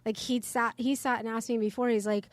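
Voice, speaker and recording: A woman's voice: a little high, fairly even intonation, brisk, dry recording. A woman co-hosting a podcast who speaks candidly and self-deprecatingly in casual conversation. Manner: candid and self-deprecating, talks openly about her life. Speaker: podcast co-host.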